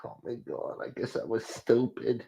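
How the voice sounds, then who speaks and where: A man's voice: medium pitch, animated, moderate pace, gravelly, dark tone, pitched below the performer's own voice. A man voicing a naive, whiny middle-aged woman from a mob family, in a melodramatic tone. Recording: muffled lo-fi audio.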